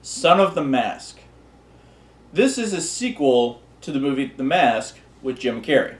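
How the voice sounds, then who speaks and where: A man's voice: mid-range voice, sing-song, measured pace. A man casually presenting a countdown of favorite videos, rambling and often restarting his words. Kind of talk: casual unscripted commentary. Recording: echoey room.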